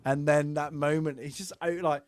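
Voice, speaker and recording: A man's voice: fairly high pitch, steady tone, moderate pace, a loud crowd. A man chatting casually about a film, rambling with many fillers and acting out lines. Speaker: film review podcast host.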